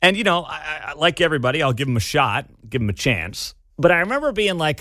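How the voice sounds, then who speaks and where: A man's voice: on the high side, big pitch swings, fast talker, hardly any pauses, sharp tone, no echo. A man hosting a talk radio show, sarcastic and scornful in an opinionated monologue at a studio mic. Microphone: studio microphone.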